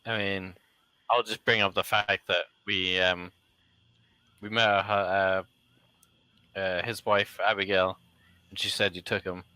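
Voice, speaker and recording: Man, player, casual game chat, lowish voice, dry close sound. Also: level tone, a little slow, pauses often, pushed and bright, smooth, dry recording, poor audio.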